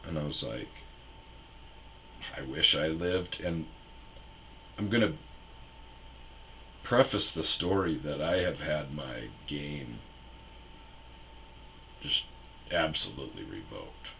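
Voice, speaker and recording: A man's voice: a bass voice, lively intonation, slow, gravelly, pauses often, fairly bright tone, slight background noise. A young man telling a rambling, crude personal anecdote in casual chat. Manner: rambling anecdote with crude humor and acted quotes. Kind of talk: casual storytelling.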